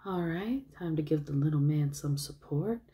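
A woman's voice: deep voice, lively intonation, moderate pace, warm tone, a little hiss or hum. A woman voicing a short, cheerful older male basketball coach with a folksy, upbeat way of talking.

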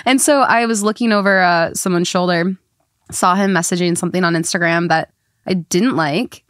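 A woman's voice: fairly low pitch, normal speed, a bit bright, no echo, studio quality. Laughing young woman co-host. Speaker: guest co-host. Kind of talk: casual chat.

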